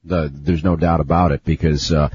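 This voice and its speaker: A man's voice: rumbling low, fairly even intonation, moderate pace, darkish tone, muffled recording, a little hiss or hum. A man co-hosting a radio talk show, agreeing with the host in a hesitant way full of fillers. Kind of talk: casual radio chat.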